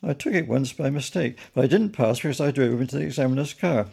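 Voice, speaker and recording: A man doing an earnest, gravelly little bear. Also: medium pitch, lively intonation, fast, darkish tone. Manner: earnest and literal-minded. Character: polite earnest young male bear.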